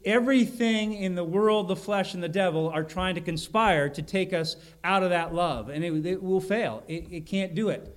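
A man's voice: high-pitched, moderate pace, few pauses. A man preaching an expository sermon, explaining a Bible passage in an earnest way and repeating key words for emphasis.

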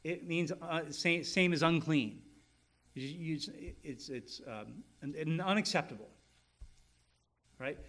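A man's voice: a little high, slow, long pauses, fairly bright tone. A man preaching a sermon, teaching step by step and checking in with his listeners. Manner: restarts often, asks "right?" to the listeners, explains step by step. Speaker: pastor.

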